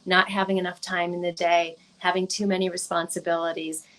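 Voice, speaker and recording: A woman researcher answering interview questions in a measured, explanatory way, clearing her throat as her voice gives out. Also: fairly low pitch, level tone, fairly bright tone. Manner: measured, explanatory, repeats words when restarting. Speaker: researcher guest.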